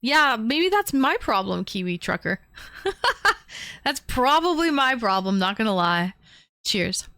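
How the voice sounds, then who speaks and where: A woman's voice: a little high, very animated, slow pace, pauses often, sharp tone, no room sound, clean studio sound. A young woman from the Toronto area, live-streaming and chatting casually, thanking viewers by name with plenty of fillers. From Canada, Toronto area.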